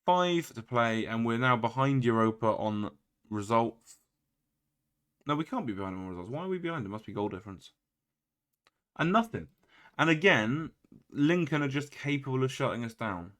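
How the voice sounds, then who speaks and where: A man's voice: mid-range voice, expressive, normal speed, long pauses, fairly bright tone. A man giving casual, wry play-by-play commentary on his own video game, full of exasperated, self-mocking asides.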